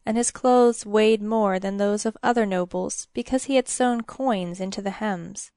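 A woman's voice: mid-range voice, smooth, no echo. Woman reading a storybook, dry close sound. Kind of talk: scripted storybook narration.

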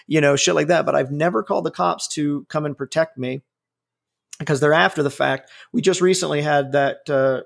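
A man's voice: on the high side, steady tone, brisk, vocal fry. A man in his forties giving his opinions in casual talk, blunt and profane, rambling with frequent restarts. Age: 40s.

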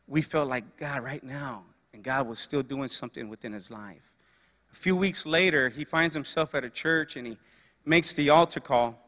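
Bright-voiced male preacher in a reverberant hall. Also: on the high side. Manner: earnest storytelling with repeated phrases. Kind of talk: sermon.

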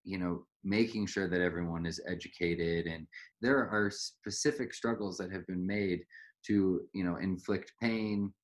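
A man's voice: low voice, steady tone, measured pace. A young adult man in casual conversation, reflective, talking in long winding sentences.

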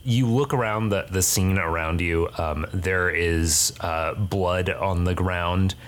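A man's voice: deep voice, slow. A young man narrating a tabletop game as game master, hesitant, with many fillers and restarts.

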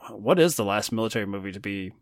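A man's voice: lowish voice, expressive, quick pace, dry recording. A man hosting a casual movie podcast, rambling and joking at his own expense. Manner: joking, rambling, self-deprecating. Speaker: podcast host.

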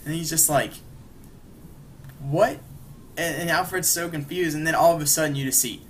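A man's voice: fairly high pitch, steady tone, quick pace, noisy background. A man co-hosting a podcast, casually recapping an episode in a rambling way with lots of "like" and "you know" fillers. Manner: briefly acts out characters' lines while retelling. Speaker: podcast co-host.

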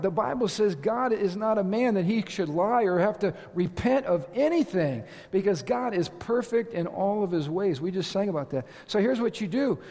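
High-voiced preaching man in a reverberant hall. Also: a little mellow. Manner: emphatic preaching with repeated phrases and rising exclamations. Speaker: pastor. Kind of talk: sermon.

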